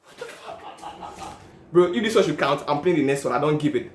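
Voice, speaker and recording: A man talks casually to camera, swings between pleading, counting and swearing, and gets excitable. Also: fairly high pitch, fast talker, roomy sound, slight background noise. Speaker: gambling vlogger. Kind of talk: casual narration and live reactions.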